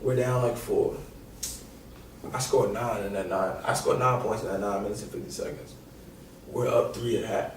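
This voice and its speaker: Speaking at a normal speed in a lowish voice, this young New Yorker, once a college basketball player, is a podcast guest spinning casual, slangy, profane stories and acting out what people said. The mic sits back in an echoey room, with faint noise.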